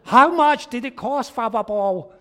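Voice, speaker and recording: A man voicing an eager woman who runs a restaurant, with a raised, loud voice. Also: very high-pitched, unhurried, pitched above the performer's own voice, full character voice. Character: excited woman running a restaurant.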